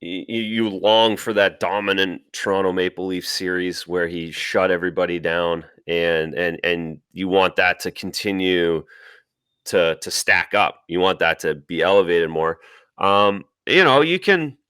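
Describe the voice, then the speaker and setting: Podcast co-host, a man with a low, crisp voice, stammering through casual hockey talk, dry sound. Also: a little slow, fairly bright tone, no echo. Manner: stammers and restarts, repeats words. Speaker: podcast co-host, former player.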